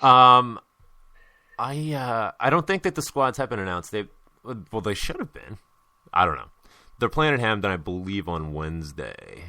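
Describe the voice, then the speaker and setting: Rambling hungover American man, bright dry voice. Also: fairly low pitch, big pitch swings, normal speed, dry recording. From United States. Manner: rambling, many fillers and restarts. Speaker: podcast host. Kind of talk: casual sports chat.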